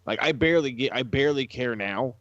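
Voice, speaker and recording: A man's voice: medium pitch, fairly quick, dry recording. Profane male co-host, riled-up rants, dry dull sound. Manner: profane, ranting, animated. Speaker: podcast co-host. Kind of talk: casual wrestling chat.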